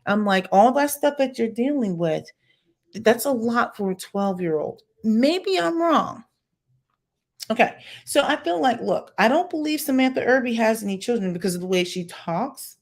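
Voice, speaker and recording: A woman giving blunt, opinionated reaction commentary on a livestream, talking straight to her viewers with emphatic, lively delivery. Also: a little high, moderate pace. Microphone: home livestream setup.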